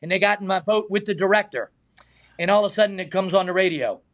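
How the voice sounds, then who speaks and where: A middle-aged man, a stunt man telling animated anecdotes in a casual interview, acting out the voices of the people in them and laughing often. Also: high voice, quick pace. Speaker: stunt man and high diver, guest.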